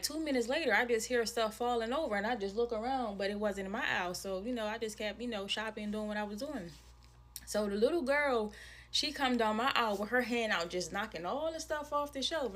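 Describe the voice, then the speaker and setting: Bright-voiced woman telling a story. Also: mid-range voice. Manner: animated, slangy. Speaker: storyteller in a viral video. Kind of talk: casual storytelling.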